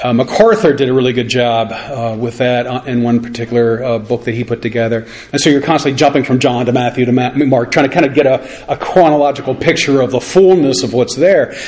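A man preaching a relaxed, conversational sermon, with many fillers, and slowing down as he reads scripture. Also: mid-range voice.

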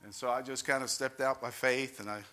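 A man's voice: medium pitch, steady tone, a little fast. Fervent older New York preacher man. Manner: fervent preaching, rising to loud exclamations, calls for amen. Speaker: pastor. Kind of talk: testimony sermon.

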